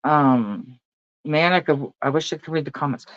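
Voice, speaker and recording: A woman's voice: sits low, moderate pace, no echo, highs cut off. A middle-aged woman, ranting casually and profanely to her viewers, laughing often between lines. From Canada. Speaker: vlogger.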